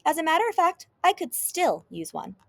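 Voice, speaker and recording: A woman's voice: very high voice, very animated, normal speed, pitched above the performer's own voice, heavily acted. A woman voicing a playful, teasing woman who co-hosts a morning TV show. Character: playful female morning TV host.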